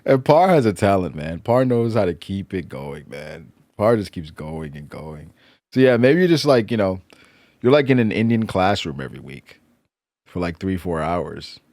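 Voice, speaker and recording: A man's voice: low voice, very animated, moderate pace, a little mellow, no echo, studio quality. A man co-hosting a casual podcast chat, easygoing and teasing, laughing often. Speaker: podcast co-host.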